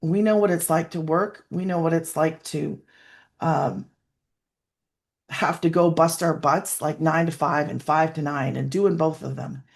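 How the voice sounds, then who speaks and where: A woman's voice: low voice, fairly even intonation, a little slow, creaky. A woman, a guest in an interview, telling her personal story in an earnest, emotional way, close to tears at times, with many fillers and restarts.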